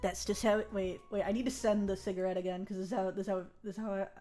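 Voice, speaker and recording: A woman streamer reading a visual novel aloud in a soft narrating voice, then breaking into loud, giggly reactions to her chat. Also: mid-range voice, steady tone, racing, faint music behind.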